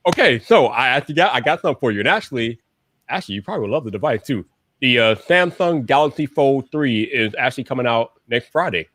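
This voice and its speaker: A man hosting a casual live stream chat, animated and jokey, quick to tease his guest. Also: mid-range voice, no echo.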